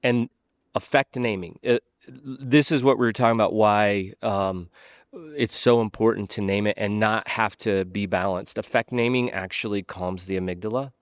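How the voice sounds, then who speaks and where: Earnest pastor with a dry close sound. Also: male voice, fairly low pitch, fairly even intonation, normal speed, no room sound. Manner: earnest, searching, restarts mid-thought. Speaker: guest pastor. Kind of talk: earnest conversational explaining.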